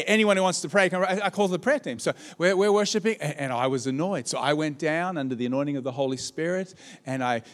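A male pastor delivers an animated, story-driven sermon in a church auditorium, his fairly high voice rising and dropping as he talks straight to the congregation. A long hall reverb trails after every phrase from the stage microphone. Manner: animated storytelling with audience call-outs.

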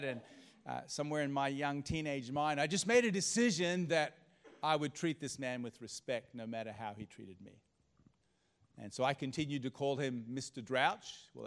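Male pastor, animated sermon storyteller, hushed-to-loud delivery. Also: medium pitch, normal speed, smooth. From Australia.

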